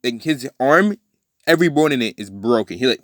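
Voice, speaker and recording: Making up a fan-fiction tale as he goes, a man rambles, corrects himself and leans on fillers like "uh" and "like," dipping into quick character quotes before resuming plain narration. His voice is middling in pitch, animated and fairly bright, at a moderate pace. The recording is dry and close, with no room sound.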